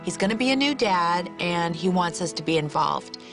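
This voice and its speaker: A woman's voice: on the low side, animated, normal speed, music in the background. A middle-aged woman, a mother on a reality show, speaking frankly and with emphasis in confessional commentary.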